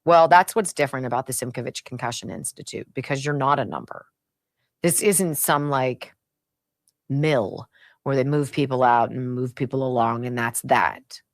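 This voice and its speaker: A middle-aged woman hosting a talk radio show, delivering an opinionated, sarcastic monologue and a host-read ad, laughing often and swinging between high excited bursts and low muttered asides. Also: normal speed, dry recording, clean studio sound.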